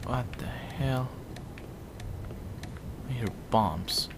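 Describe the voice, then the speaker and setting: A man's voice: mid-range voice, extremely slow, creaky, noisy background. A man giving casual let's-play commentary, jumpy and self-mocking, pleading with and talking to the game's characters. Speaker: gameplay commentator.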